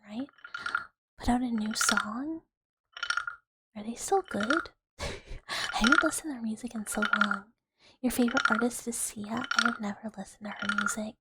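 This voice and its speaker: Whispering young woman, chatty ASMR. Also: a little high. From United States. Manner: soft unvoiced whisper, chatty and rambling with many fillers. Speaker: ASMR streamer chatting with viewers. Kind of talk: whispered role-play. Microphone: close sensitive ASMR microphone. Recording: loud hiss under the whisper.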